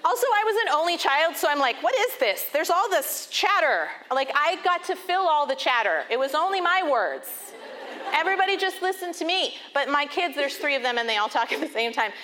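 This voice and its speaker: A woman in her thirties telling funny personal stories in an animated way, laughing often and acting out voices. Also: high-pitched, brisk, some chatter behind. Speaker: speaker talking about overwhelm. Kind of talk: personal storytelling talk.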